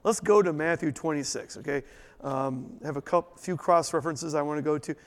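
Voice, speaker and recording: A man leading a Bible study in a lively, conversational way, asking his listeners questions as he goes through the text. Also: fairly high pitch, a little fast, long reverb tail. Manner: animated, conversational, asks the group questions. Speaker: Bible teacher.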